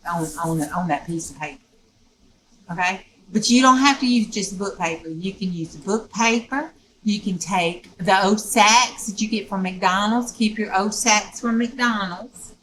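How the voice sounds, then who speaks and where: A woman's voice: medium pitch, a bit bright, poor audio. A woman teaching a step-by-step craft tutorial in a folksy, chatty way, often checking in with "okay?".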